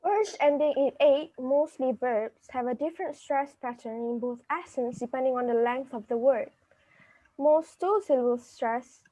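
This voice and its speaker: A woman student reading a phonetics presentation in a clear, explanatory way. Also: high voice, warm tone, no echo, low-quality recording.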